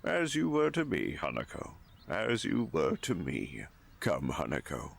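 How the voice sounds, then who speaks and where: A man's voice: sits low, wildly swooping pitch, measured pace, creaky, slightly rough, exaggerated voice. A man voicing a loving, departed grandfather in a video game, speaking in a soothing, tender way. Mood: tender, comforting. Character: gentle late grandfather, loving spirit.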